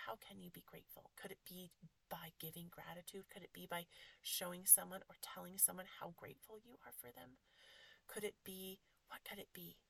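Emotional woman with a gravelly edge. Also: medium pitch, fairly bright tone. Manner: emotional, gushing, lots of "like" fillers, drops to whispers. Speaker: podcast host. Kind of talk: heartfelt spiritual chat. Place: home closet.

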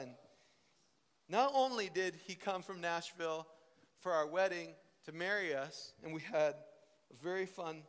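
A young man teaching at a ministry school, telling stories in an animated preaching style. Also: a little high, a little slow, clean tone. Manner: animated storytelling, voice rising and falling with emotion. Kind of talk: sermon. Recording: long hall reverb.

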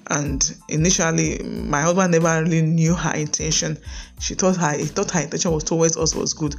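Woman, Nigerian accent, middle-aged, earnest pleading podcast counselor, gravelly texture, faint music behind. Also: sits low, a little fast. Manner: earnest, pleading, repeats and restarts phrases. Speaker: marriage counselor, podcast host. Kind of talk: pastoral podcast talk.

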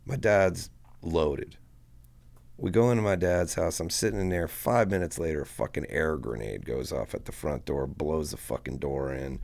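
A man telling a story to a podcast host in a casual, profane, animated way, acting out what people said. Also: rumbling low, normal speed, vocal fry. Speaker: guest musician.

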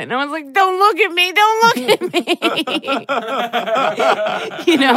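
Woman guest, casual storyteller, bright and crisp, low-ish pitch, dry close sound. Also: no echo. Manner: laughs through an embarrassing story, acts out her own quotes loudly. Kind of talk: casual chat.

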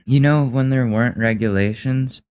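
A man's voice: mid-range voice, normal speed, darkish tone, clean tone. A young man hosting a podcast, commenting on clips in a casual, sarcastic, ranting way. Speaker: podcast host.

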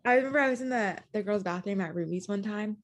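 A woman in her twenties co-hosting a podcast, telling stories in a chatty, animated way with lots of "like". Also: mid-range voice, quick pace. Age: 20s. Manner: chatty, animated storytelling with frequent "like". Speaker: podcast co-host. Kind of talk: casual chat.

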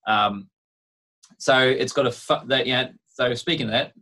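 A man's voice: mid-range voice, normal speed, sharp tone. Chatty Australian man co-hosting a podcast. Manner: joking, rambling storyteller. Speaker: podcast co-host. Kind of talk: casual chat.

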